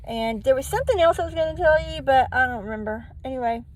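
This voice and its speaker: A woman's voice: high voice, expressive, fast, rough recording. A middle-aged woman telling a personal story to camera, candid and rambling, acting out what people said. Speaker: vlogger.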